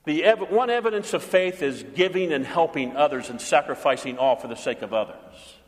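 A man's voice: a little high, normal speed, big-room sound. A man preaching a sermon as pastor, dramatic, with rhetorical questions and acted-out voices.

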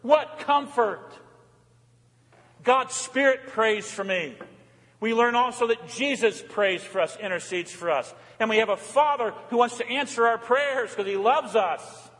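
A middle-aged man, a pastor, giving a fervent sermon in a church, moving between raised cries and soft, low asides. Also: measured pace. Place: church sanctuary. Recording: reverberant church hall.

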